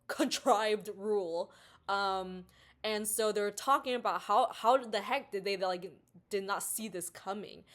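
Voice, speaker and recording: Rambling young woman reviewing a book. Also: medium pitch. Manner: rambling, many fillers and restarts.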